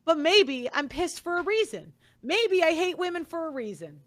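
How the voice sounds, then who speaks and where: A woman's voice: extremely high pitch, very animated, normal speed. A young woman giving an angry, blunt monologue, swearing often as she vents. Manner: blunt, profane and heated. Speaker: commentator.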